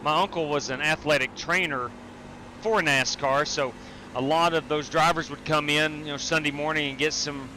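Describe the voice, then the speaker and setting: A man's voice: a little high, steady tone, moderate pace, sharp tone, a little hiss or hum. A man streaming a sim race, chatting casually and greeting viewers while he drives. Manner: frequent fillers and restarts. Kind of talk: casual live-stream commentary.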